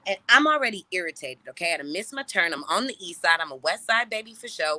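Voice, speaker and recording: A woman, an interview guest, telling a story in casual, profane, animated talk and laughing often. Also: on the low side, quick pace, few pauses, no room sound.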